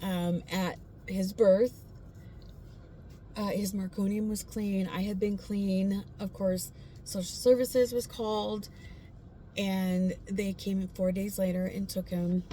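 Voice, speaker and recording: A woman sharing her personal faith testimony in a casual, earnest, heartfelt way, pausing often with fillers. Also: mid-range voice, level tone, warm tone, slight background noise.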